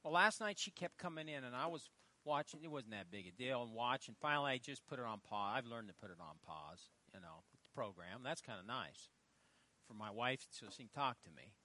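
A middle-aged male pastor preaching a sermon, telling stories with loud emphatic lines and quiet asides. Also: mid-range voice, animated, brisk. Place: church.

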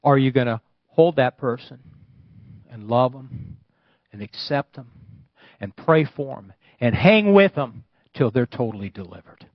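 Older preacher, loud to hushed. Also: male voice, medium pitch, expressive, a little slow, dry recording, dull audio. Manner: storytelling preacher, swings from hushed to loud exclamations. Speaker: pastor. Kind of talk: sermon.

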